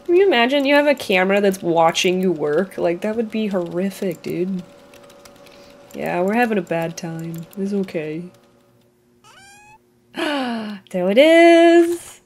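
A woman giving casual let's-play commentary, giggly and excitable, peppering her talk with "like". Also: medium pitch, measured pace, long pauses, soft background music. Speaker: gaming video host.

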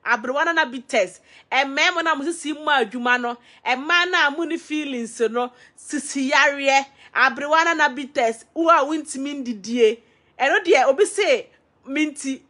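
Ghanaian woman, herbal seller, high bright voice, chatty live-stream host reeling off viewers' names. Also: measured pace. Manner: chatty, greets viewers one by one by name.

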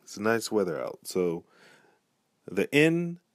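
A man's voice: fairly low pitch, very animated, slow, no echo, clean studio sound. A man giving a pronunciation lesson, speaking patiently and repeating each example word. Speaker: language teacher. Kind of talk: pronunciation tutorial.

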